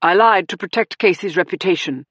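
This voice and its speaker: A woman's voice: lowish voice, fairly quick, a bit bright, husky, no room sound. A woman reading the part of a slick, defensive male murder suspect who sputters and pleads in a raised voice.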